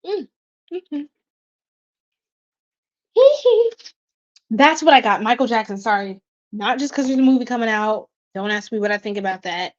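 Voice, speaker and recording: A bubbly woman with a fairly high voice chats with her livestream viewers, greeting them by name and laughing between slangy asides. The audio is a little dull and lo-fi. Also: lively intonation, unhurried, long pauses. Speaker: tarot reader livestream host. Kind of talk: casual livestream chat reading comments.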